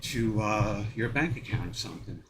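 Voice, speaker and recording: A man's voice: on the low side, expressive, normal speed, noisy background. An American man talking casually while walking on a treadmill, rambling and profane, with lots of fillers and short laughs. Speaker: vlogger. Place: home treadmill.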